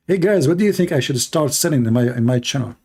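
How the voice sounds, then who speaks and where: A man with a husky, mid-range, somewhat mellow voice hosts a reaction stream about a video. He sounds mocking and sarcastic, and his English phrasing suggests it isn't his first language.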